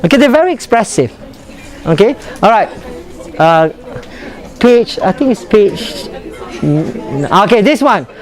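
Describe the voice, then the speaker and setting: A man's voice: sits high, measured pace, pauses often. A man from Malaysia with a British-leaning English accent, teaching an English workshop and demonstrating intonation. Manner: animated, demonstrative, mixes in Malay phrases. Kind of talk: classroom lesson on pronunciation. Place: workshop classroom.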